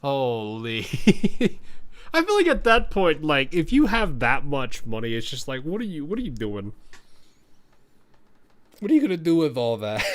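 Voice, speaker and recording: A man's voice: fairly high pitch, huge pitch swings, measured pace. A man streaming a story game, reading its dialogue aloud and chatting between lines in a rambling, laughing way.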